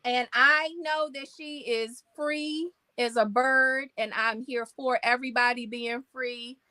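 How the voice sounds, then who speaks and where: A middle-aged woman co-hosting a casual chat, talking in a lively way with loud exclamations and playful teasing. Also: a little high, takes it slowly, no room sound. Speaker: co-host.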